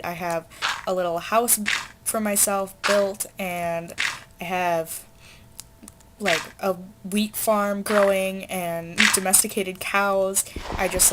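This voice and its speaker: A woman's voice: fairly low pitch, noisy background. Chatty teen girl rambling while gaming. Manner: rambling, chatty, full of fillers and asides. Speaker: gamer. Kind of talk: casual let's play chat.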